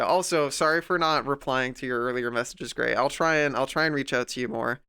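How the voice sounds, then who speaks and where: A man's voice: medium pitch, a little fast, hardly any pauses, bright, forceful tone, smooth, no room sound. A man streamer chatting casually while he draws, rambling and heartfelt, full of fillers and restarts, close to the mic at home. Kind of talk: casual livestream chat while drawing.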